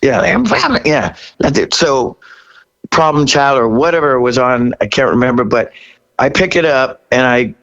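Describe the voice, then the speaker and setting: Older man telling animated rock stories. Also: medium pitch, moderate pace, vocal fry, muffled recording. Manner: animated storyteller, laughing and acting out quotes. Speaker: rock singer guest. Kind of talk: storytelling interview.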